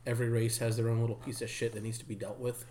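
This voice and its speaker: A man in a casual discussion making dark, sarcastic jokes. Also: mid-range voice, level tone, rapid-fire.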